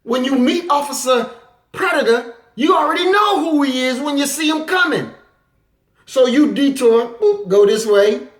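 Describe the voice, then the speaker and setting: A woman giving an impassioned lecture, forceful and animated, slipping into acted quotes. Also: a little high. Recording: roomy echo.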